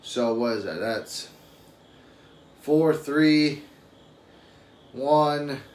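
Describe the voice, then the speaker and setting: A man's voice: mid-range voice, extremely slow, darkish tone. A young adult man and father talking casually on a live stream, telling rambling, profane stories. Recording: roomy echo with faint ambient noise.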